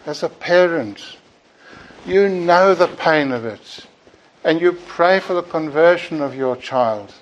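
A man's voice: on the high side, lively intonation, slow pace, lo-fi sound. A man preaching a sermon in a church, earnest and emphatic, sometimes repeating words as he builds a point.

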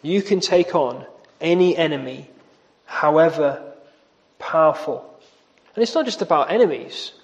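A man's voice: fairly high pitch, animated, measured pace, pauses often. A man preaching a sermon, earnest and emphatic, repeating key phrases for weight. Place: church. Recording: long reverb of a church hall.

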